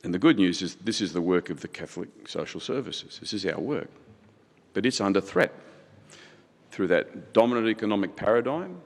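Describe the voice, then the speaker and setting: Middle-aged guy giving a keynote, fairly low voice, heated and repetitive, big hall echo. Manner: impassioned, rhetorical repetition. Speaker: keynote speaker. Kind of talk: conference keynote speech. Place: large conference hall. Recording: hall reverb.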